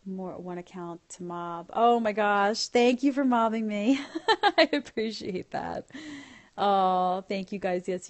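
A woman with a slightly low voice chats casually into her phone during a livestream. She reads out viewers' comments one after another and showers them with thanks and blown kisses. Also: darkish tone. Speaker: livestream host.

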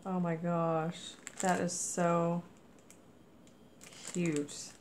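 A woman unboxing craft mail, talking at an unhurried, slow pace. She gushes and exclaims over each item in a casual, chatty way. A faint background ambience sits under her voice. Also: fairly low pitch, flat delivery, a little mellow, a little hiss or hum. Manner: gushing, exclaims often. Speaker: crafting vlogger.

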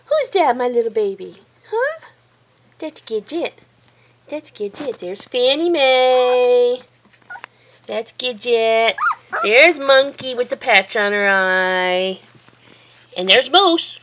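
Lady baby-talking her puppies in a high singsong, muffled phone clip, lots of noise behind. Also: expressive, unhurried, long pauses. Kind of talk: baby talk to pets. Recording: dull phone recording with loud background noise.

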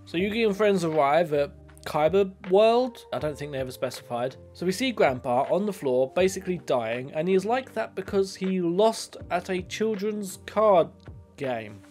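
A man's voice: high-pitched, animated, normal speed, a little mellow, soft background music. A man giving comedic commentary, sarcastic and exasperated, swearing freely. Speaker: video commentator.

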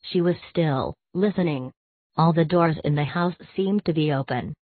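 A woman giving a measured, expressive audiobook reading of a classic short story. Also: deep voice, dry recording. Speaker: audiobook narrator. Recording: tinny, dry, phone-like sound.

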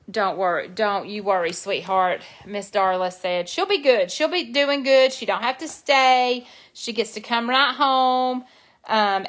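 A woman's voice: mid-range voice, a bit bright. A woman chats casually into her phone during a live stream. Her speech is folksy and soothing, meant to reassure. She sounds like she's talking to close family and friends.

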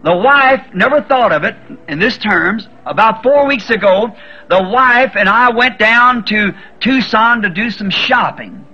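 A man in his fifties preaches with a high, ringing, bright voice. He tells his story with feeling and cries out when he repeats the prayers he made. The recording is dull and lo-fi, like an old sermon tape. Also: expressive, unhurried, breathy edge.

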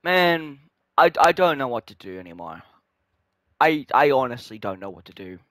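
Young man, gaming vlog rant, irritated and sweary, dry close sound, middle pitch. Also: sing-song, normal speed, sharp tone, dry recording. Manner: frustrated, swearing, trailing off deflated. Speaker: gaming vlogger.

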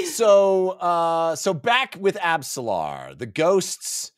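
A man's voice: on the high side, big pitch swings, extremely slow, no room sound, studio quality. A man co-hosting a casual book discussion podcast, rambling and playful, with many fillers. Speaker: podcast co-host.

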